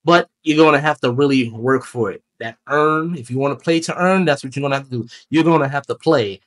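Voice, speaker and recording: A man's voice: medium pitch, fairly quick, fairly bright tone. Chatty man rambling through a game review. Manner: rambling, loose and chatty, with self-corrections. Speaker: gaming YouTuber.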